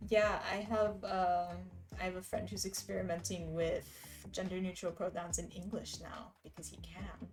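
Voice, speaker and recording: A woman's voice: on the low side, little pitch movement, normal speed, few pauses, over music, low-quality recording. A woman live streamer in casual, rambling chat who laughs often.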